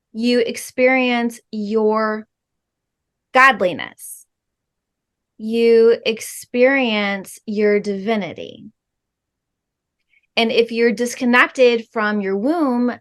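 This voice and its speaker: Being interviewed, a middle-aged spiritual healing guide replies with slow, earnest deliberation and the occasional soft filler. Her pitch is fairly high.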